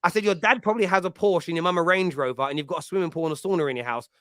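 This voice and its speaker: A man's voice: fairly high pitch, racing, dry recording. Chatty East London man, dry close sound. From East London, England. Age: adult with a school-age child. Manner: animated, chatty, laughs often, frequent restarts. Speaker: fan podcast host. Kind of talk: casual chat, answering live chat comments.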